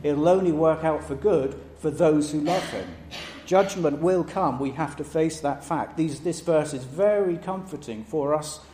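A man preaching a sermon, measured and emphatic, stressing each item in his lists. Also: a little high, warm tone. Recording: echoey room with faint background noise.

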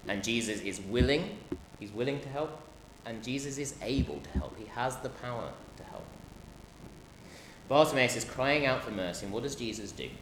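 Impassioned male preacher in a roomy hall. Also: fairly low pitch. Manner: impassioned, acts out cries and crowd voices. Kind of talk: sermon. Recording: roomy hall echo, faint background noise.

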